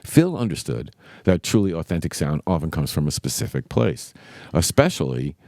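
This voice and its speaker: A man's voice: extremely low pitch, sing-song, normal speed, darkish tone, dry recording, studio quality. A man co-hosting a casual music podcast, playful and punning, with an emphatic way of talking. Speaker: co-host.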